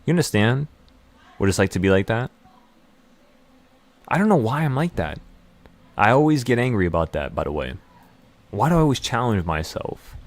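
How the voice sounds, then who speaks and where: A man with a mid-range voice hosts a trading channel, rattling off a fervent, rambling motivational speech packed with excitement and repetition.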